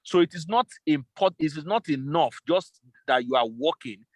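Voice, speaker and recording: Speaking at a moderate pace with a fairly high pitch and lively intonation, a male business consultant answers interview questions remotely. There's no room sound, and he sets out each scenario methodically, one step at a time.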